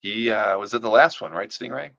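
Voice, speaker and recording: A man's voice: fairly low pitch, brisk, gravelly, fairly bright tone, no room sound, highs cut off. A man hosting a casual chat about comic art, rambling with many fillers and restarts, and losing his voice. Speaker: podcast host.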